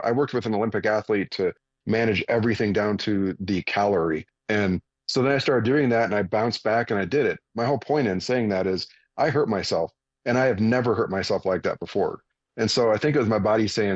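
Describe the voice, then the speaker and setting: A man's voice: lowish voice, brisk, no room sound, lo-fi sound. A man in his forties, a radio guest telling a story in an earnest, plain-spoken way. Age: 40s. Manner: earnest, plain-spoken, animated when retelling. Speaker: radio guest, fitness coach. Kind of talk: conversational storytelling.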